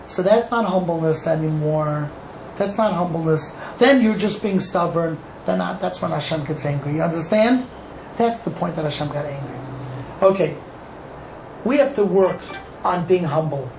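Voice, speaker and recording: A male rabbi from Cleveland, Ohio, giving an animated Torah class and acting out dialogue for a live group. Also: high voice, moderate pace. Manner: animated, acts out dialogue, asks the audience questions. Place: echoey room with a small audience. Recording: echoey room with faint noise.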